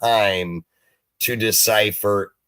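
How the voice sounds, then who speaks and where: A man's voice: fairly low pitch, steady tone, extremely slow, fairly bright tone, clean tone, no room sound. A man from the United States hosting a casual livestream chat, blunt and swearing freely. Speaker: livestream host.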